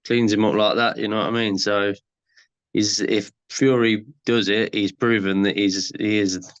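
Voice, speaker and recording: Man, podcast guest, halting and unsure, low-ish pitch, dull lo-fi sound. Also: little pitch movement, smooth. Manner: hesitant, halting, many fillers. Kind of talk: casual chat.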